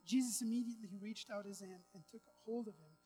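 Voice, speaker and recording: A woman's voice: mid-range voice, quick pace, warm tone, faint music behind, rough recording. A woman preaching a sermon, chatty with casual asides, then building to emphatic, repetitive preaching. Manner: conversational, with casual asides and self-deprecating humor.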